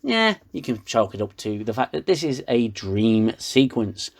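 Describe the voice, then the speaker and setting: A man's voice: medium pitch, big pitch swings, a little slow, creaky. Sarcastic British man recapping. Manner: sarcastic, rambling. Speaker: reviewer. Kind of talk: comedic episode recap.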